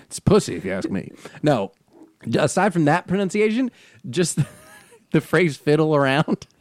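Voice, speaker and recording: A man co-hosting a casual chat, animated and laughing often, talking fast. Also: a little high, no room sound. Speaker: podcast co-host. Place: Los Angeles area.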